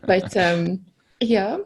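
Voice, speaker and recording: A woman's voice: lowish voice, a little hiss or hum. A woman from South Africa with a South African accent, a coach who is a guest on a podcast, chatting in a friendly way and laughing a little self-consciously. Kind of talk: casual chat.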